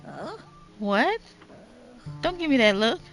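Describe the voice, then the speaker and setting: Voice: medium pitch, sing-song, slow pace, fairly bright tone, faint music behind, pitched above the performer's own voice, full character voice. A gamer voicing a scolding old wife while reading game dialogue aloud, with an indignant, berating manner.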